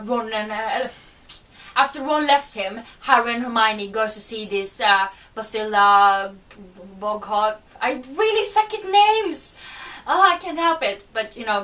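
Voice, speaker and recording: A woman with a bright, higher-pitched voice talks casually about a book she loves, rambling and gushing as she goes. She sits a little back from the mic, so her voice sounds slightly distant. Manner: rambling and gushing, lots of "like" and "you know". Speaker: book reviewer. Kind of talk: casual spoiler book talk.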